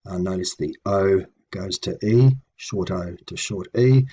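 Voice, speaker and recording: A man giving a patient, methodical lesson on old language grammar, pausing with ums and correcting himself as he goes. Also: low-pitched, mellow, breathy edge. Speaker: language teacher. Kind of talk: explanatory lecture.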